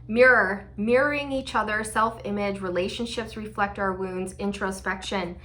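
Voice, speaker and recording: A woman's voice: fairly high pitch, a bit bright. A woman giving a casual tarot reading, chatty and sassy, with playful laughing asides. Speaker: tarot reader.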